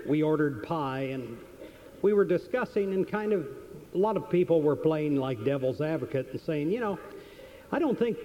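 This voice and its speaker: A man's voice: on the high side, lo-fi sound, slight background noise. Earnest man telling a seminar story. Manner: earnest, animated storyteller, repeating key questions. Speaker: seminar speaker. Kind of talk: motivational seminar talk with storytelling.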